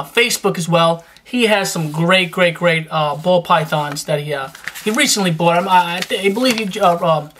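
A man's voice: sits high, a bit bright. Young New man, rambling and slangy, casual vlogger tone. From New York. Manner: rambling and slangy, full of fillers and restarts. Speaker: reptile-keeping YouTuber giving shout-outs. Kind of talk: casual vlog chat.

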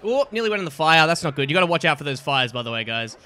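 A young man giving excitable, trash-talking commentary while playing a game, often laughing at his opponents. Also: fairly high pitch, very fast. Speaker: gaming YouTuber. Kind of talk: let's play commentary.

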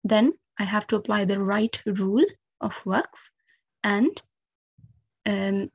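A woman's voice: mid-range voice, fairly even intonation, takes it slowly, gravelly, breathy edge, dry recording, dull audio. A woman teaching recitation rules, explaining each step patiently and carefully with frequent 'um' and 'okay'. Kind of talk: instructional lesson.

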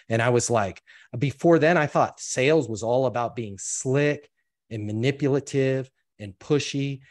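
A man telling a personal story in an interview, with an animated delivery, quoting others and often restarting his sentences. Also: lowish voice, a little fast. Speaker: interview guest. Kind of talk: storytelling in conversation.

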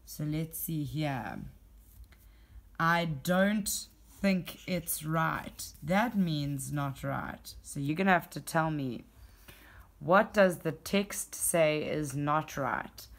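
A woman teacher reading a children's poem aloud and talking through a worksheet, patient and clear, guiding step by step. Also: deep voice, slow.

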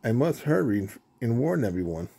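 A man voicing a kindly male owl from a storybook, earnest and hurried, hardly shifting his own voice. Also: medium pitch, big pitch swings, creaky, mellow, husky, full character voice. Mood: urgent. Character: kindly, urgent male owl, forest helper.

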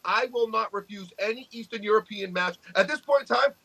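A man's voice: sits high, fairly quick, creaky, sharp tone, low-quality recording. A man, co-hosting a podcast with brash, profane trash talk. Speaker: podcast co-host, arm wrestler. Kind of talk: casual podcast chat.

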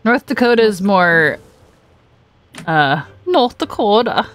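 A woman's voice: medium pitch, big pitch swings, slow pace. A woman from the US West Coast, co-hosting a let's play in laid-back, jokey chat. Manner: laid-back, jokey, reads game lines in goofy voices. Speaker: co-host.

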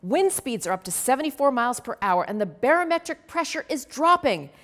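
A woman's voice: high-pitched, sing-song, fairly quick, fairly bright tone, pitched above the performer's own voice. A woman voicing a serious female frog forecaster reading weather numbers in a storybook. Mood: informative.

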